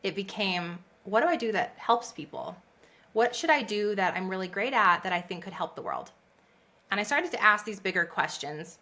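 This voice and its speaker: Bright lively woman on a podcast, chatty, laughs a lot, acts out quotes. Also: mid-range voice, moderate pace. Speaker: podcast guest, business coach. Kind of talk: conversational interview storytelling.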